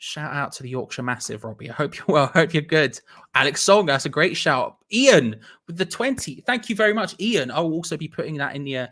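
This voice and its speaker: A young man hosts a live football watch-along, chatting loosely and firing off shout-outs to viewers. His voice is bright and forward, his delivery quick and chatty. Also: fairly high pitch, lively intonation. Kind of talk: casual live-stream chat reading viewer comments.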